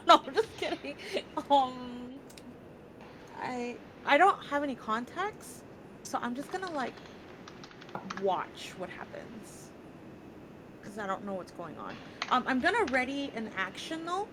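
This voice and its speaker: A woman's voice: on the high side, very animated, slow pace, long pauses, background noise. A woman playing a tabletop game over voice chat, playful and teasing with her questions. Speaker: player. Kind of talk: casual tabletop game play.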